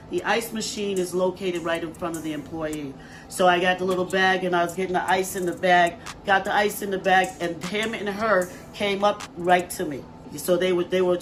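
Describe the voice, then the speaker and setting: A woman who supervises a hotel front desk, giving a personal account in an interview and pausing often with "um". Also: on the low side. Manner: halting, with frequent "um" pauses. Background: music playing under the voice.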